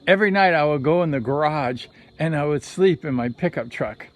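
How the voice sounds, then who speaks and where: Male former racer, casual vlog storyteller, slightly high-pitched, rambling and conversational. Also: lively intonation, fairly quick. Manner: rambling, conversational, self-correcting. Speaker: former motorcycle speedway racer.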